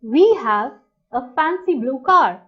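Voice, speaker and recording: A woman teaching a language lesson, saying each new word slowly and clearly and then repeating it. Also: high-pitched, animated. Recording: dull, slightly lo-fi sound.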